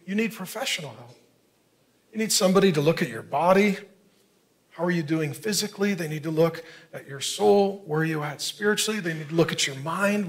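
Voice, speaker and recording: A man in his fifties preaching a sermon as a pastor, conversational, dropping to a near hush for emphasis. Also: on the high side. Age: 50s.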